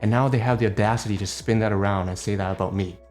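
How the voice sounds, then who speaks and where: A man's voice: lowish voice, steady tone, fast, darkish tone, soft background music. A man venting in a heated, profane, emphatic monologue as a channel host.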